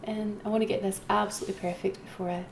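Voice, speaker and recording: A woman's voice: medium pitch, little pitch movement, quick pace, creaky, a little hiss or hum. Chatty woman calling an auction. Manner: chatty, self-mocking, repeats calls for bids. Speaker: auction host. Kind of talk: live-streamed auction commentary. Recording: roomy echo, faint keyboard typing.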